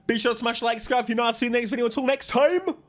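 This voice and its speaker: A man with an English accent giving excitable live commentary on a racing game, often yelping and shouting. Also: very high voice, rapid-fire. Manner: excitable, bursts into yelps and shouts. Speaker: gaming YouTuber.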